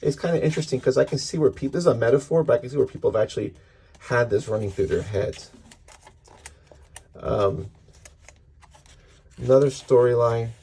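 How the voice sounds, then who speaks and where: Male podcast host, mellow and husky, rambling casual comic review. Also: mid-range voice, a little fast, pauses often. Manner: rambling, retells scenes with quoted dialogue, frequent fillers.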